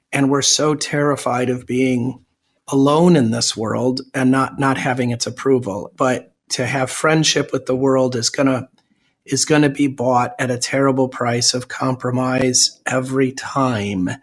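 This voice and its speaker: Husky-voiced man, earnest pastor. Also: mid-range voice. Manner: earnest, plain-spoken, explaining with examples. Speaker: Lutheran pastor, guest. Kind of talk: radio interview answers.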